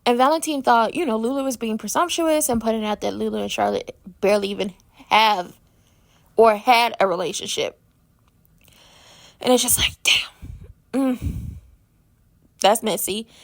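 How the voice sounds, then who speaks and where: Sassy woman recapping soaps, gravelly edge. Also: fairly high pitch, fairly quick. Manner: chatty and sassy, acts out characters' quotes. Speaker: soap opera recap host. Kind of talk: casual commentary recap.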